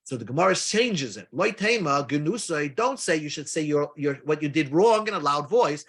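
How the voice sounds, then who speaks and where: A husky, fairly bright, slightly high male voice with lively intonation and a moderate pace delivers a daily Talmud lesson. The teacher explains step by step, mixing in Hebrew and Aramaic terms and casual asides.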